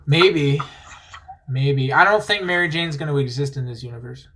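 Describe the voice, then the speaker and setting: A man's voice: on the high side, normal speed, pushed and bright, a little hiss or hum. A man hosting a podcast, chatting casually, rambling enthusiastically and laughing easily. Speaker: podcast host. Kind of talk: casual chat.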